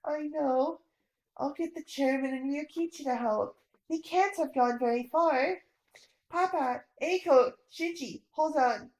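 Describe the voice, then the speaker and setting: A woman's voice: high voice, measured pace, a little mellow, echoey room, rough recording. A woman voicing a brave, stubborn young boy who talks in a blunt, urgent way.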